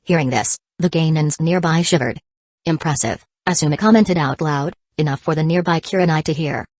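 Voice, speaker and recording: Low-voiced woman reading a novel. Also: fairly quick, a little mellow, no echo. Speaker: audiobook narrator. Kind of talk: scripted novel narration.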